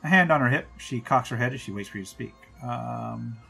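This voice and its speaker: A man's voice: medium pitch, brisk, creaky, bright, forceful tone, soft background music. A man hosting a game playthrough, reading the game text aloud with casual asides. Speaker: let's-play host.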